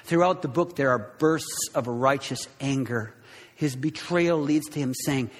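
A pastor preaches a sermon at a measured pace in a big-sounding room, impassioned as he swings from loud bursts to hushed, quiet lows.

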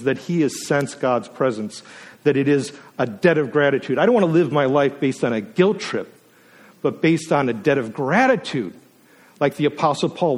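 A man preaching a sermon as a guest speaker, earnest and emotional, at times choked up, his voice rising to emphatic peaks and sinking to a near hush. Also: mid-range voice. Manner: earnest, emotional, swells up then drops to a hush.

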